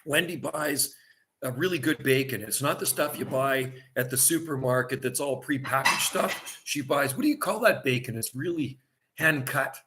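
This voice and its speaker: A man's voice: mid-range voice, normal speed, background noise. A middle-aged man chatting casually on a livestream from a seaside vacation home, rambling and laughing often.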